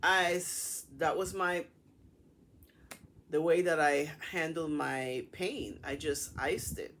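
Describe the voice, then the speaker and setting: A middle-aged woman casually telling a personal story to her camera in a chatty, animated way. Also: sits low, slow. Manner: chatty, animated retelling with acted-out dialogue. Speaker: vlogger.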